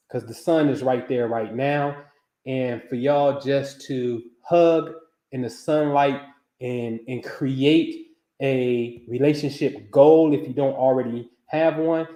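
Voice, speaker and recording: A middle-aged man hosts a casual astrology stream in a loose, slangy manner and addresses viewers by name. His voice sits in a middle pitch. The room around him is echoey. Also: warm tone. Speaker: astrology reader host. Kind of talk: casual live-stream reading.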